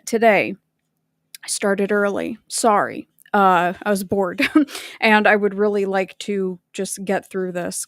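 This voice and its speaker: A woman's voice: mid-range voice, no room sound, clean studio sound. A woman hosting a casual livestream, chatting and greeting viewers by name. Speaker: livestream host.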